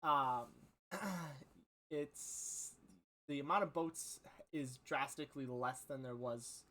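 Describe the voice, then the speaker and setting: A man narrating as game master, with loose, halting delivery, frequent ums and throat clearing. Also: medium pitch, bright, forceful tone.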